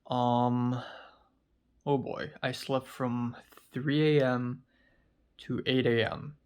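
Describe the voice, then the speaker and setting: A man's voice: medium pitch, level tone, clean tone. Tired, sleepy man rambling a diary. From Hong Kong. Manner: rambling, halting, many fillers. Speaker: vlogger. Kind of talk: casual video diary.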